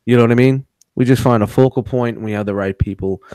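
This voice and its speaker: A man's voice: medium pitch, fairly even intonation, fast, mellow, no room sound. A man co-hosting a podcast, swearing freely in casual chat as he tells stories animatedly. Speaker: podcast co-host.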